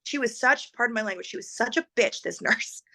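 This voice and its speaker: A woman guest telling a personal story in a lively way, acting out the voices of the people she quotes. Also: a little high, brisk, gravelly. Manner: animated, acts out quoted voices.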